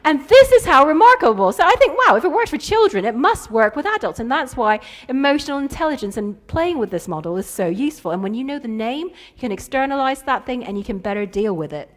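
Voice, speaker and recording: Lady giving a keynote, playful storyteller, bouncy voice, pitch sits kinda high. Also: sing-song, fairly quick, hardly any pauses. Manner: playful storytelling with acted-out quotes. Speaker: keynote speaker. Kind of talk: conference keynote.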